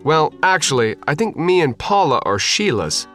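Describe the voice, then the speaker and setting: A man's voice: on the high side, sing-song, moderate pace, pushed and bright, soft background music, pitched above the performer's own voice. A man doing a cheeky young helmsman. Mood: joking. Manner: joking, calling out.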